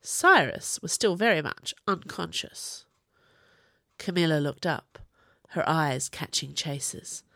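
Woman narrator, audiobook reading, lively melodic delivery, lowish voice, dry close sound. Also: takes it slowly, gravelly, no echo.

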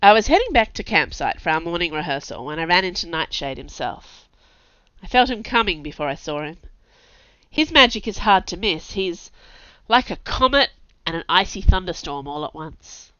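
A woman narrates a first-person novel with wry, sardonic humor. Her voice is bright and slightly low-pitched, with lively swings in pitch. The recording is dry and a little dull. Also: normal speed, dry recording. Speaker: audiobook narrator.

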